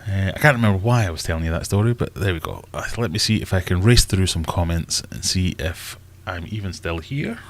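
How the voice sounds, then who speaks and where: A man's voice: deep voice, expressive, brisk, few pauses. A Scottish man hosting a casual fish-keeping live stream, rambling and joking at himself as he thinks aloud. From Scotland. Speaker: aquarium channel host.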